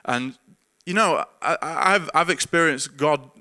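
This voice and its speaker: In a fairly high, pushed, bright voice at a measured pace, a pastor gives a conversational sermon. He comes across as earnest and informal, repeating words often and chuckling frequently.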